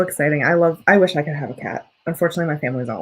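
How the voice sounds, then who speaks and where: Young woman, livestream host, husky voice, low-pitched, rambling and chatty. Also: racing, hardly any pauses, low-quality recording. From United States. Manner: chatty, rambling, self-correcting. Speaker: livestream host and student writer. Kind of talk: casual livestream chat reading comments.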